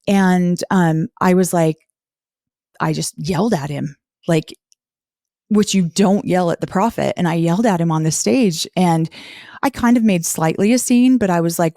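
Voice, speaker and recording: Woman interview guest, candid and earnest, lowish mellow voice. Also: normal speed, no room sound, studio quality. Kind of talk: personal life story in conversation.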